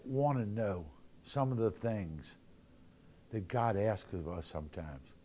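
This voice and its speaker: A man's voice: lowish voice, lively intonation, slow pace, warm tone. A man giving a sermon, talking conversationally and telling jokey stories. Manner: conversational, jokey storytelling with acted-out voices. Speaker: preacher.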